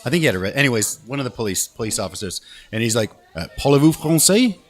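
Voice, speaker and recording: A man's voice: lowish voice, very fast. A man, a radio DJ, telling a story in a casual, slangy interview. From Canada. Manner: animated storyteller, laid-back slangy talk. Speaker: radio DJ guest.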